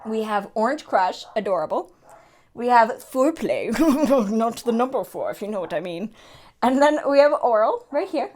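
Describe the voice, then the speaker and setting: A woman's voice: fairly high pitch, normal speed. Bubbly young woman unboxing makeup. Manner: excitable, gasping and laughing, chatty. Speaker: beauty vlogger. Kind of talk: casual unboxing vlog.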